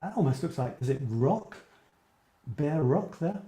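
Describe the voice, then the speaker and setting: Man, writing coach, live-stream chat, warm relaxed tone, rambling, roomy echo. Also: fairly high pitch, unhurried. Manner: rambling, musing aloud, reacting to viewers' posts. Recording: echoey room.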